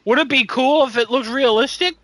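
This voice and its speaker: A man co-hosting a podcast in casual chat, animated and profane, laughing often. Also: extremely high pitch, fairly quick, no echo, low-quality recording. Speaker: podcast co-host.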